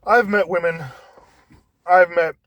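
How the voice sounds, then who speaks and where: A man talking in a casual monologue, halting and often repeating words as he searches for how to phrase things. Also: sits high, steady tone, fairly bright tone, dry recording.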